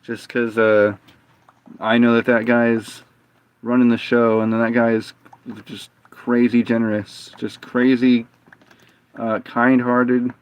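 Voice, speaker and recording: A man's voice: mid-range voice, level tone, takes it slowly, clean tone. A man streaming a game, chatting casually and rambling through anecdotes with lots of fillers and restarts. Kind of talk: casual storytelling chat.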